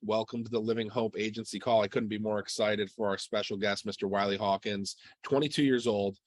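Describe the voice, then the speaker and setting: A man hosting a business call in a low, level voice. He welcomes and questions his guest with upbeat interest. The sound is dry and close. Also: fairly even intonation, a little fast, no echo. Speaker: host.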